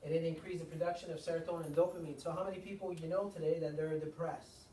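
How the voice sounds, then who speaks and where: A man's voice: on the high side, fairly even intonation, quick pace, mellow, a little hiss or hum. A man, a chiropractor, giving a seminar to a live audience, speaking emphatically with repeated lines and rhetorical questions. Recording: echoey room, mic far off.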